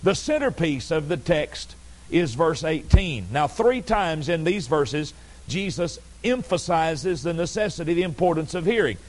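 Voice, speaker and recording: A male pastor preaches a Sunday night sermon at a church service, his fairly high voice expressive and measured in pace. He is emphatic and repetitive, pressing direct questions on the congregation, and the audio quality is poor.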